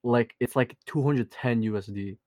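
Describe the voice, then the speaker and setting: A young man co-hosting a podcast in slangy casual chat, laughing often and talking in quick bursts. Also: medium pitch, dark tone, dry recording, studio quality. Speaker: podcast co-host.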